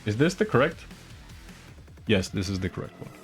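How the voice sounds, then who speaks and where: A man's voice: fairly low pitch, very animated, moderate pace, faint music behind. A man doing casual live esports commentary, chatty and rambling, teasing the chat between plays.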